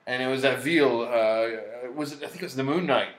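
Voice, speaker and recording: A man's voice: medium pitch, fairly quick. A man co-hosting a comic book show, chatting easily and plugging the show. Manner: easygoing, plugs the show. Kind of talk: casual chat. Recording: roomy echoey room.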